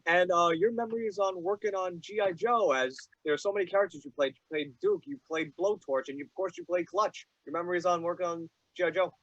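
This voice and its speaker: A young man hosting an interview, asking eager, halting fan questions with many fillers. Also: high-pitched, a bit bright. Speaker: podcast host. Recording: dull dry lo-fi mic.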